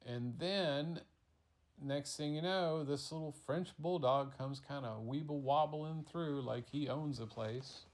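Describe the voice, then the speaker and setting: A man telling an improvised bedtime story in a slow, rambling, casual way. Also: fairly high pitch.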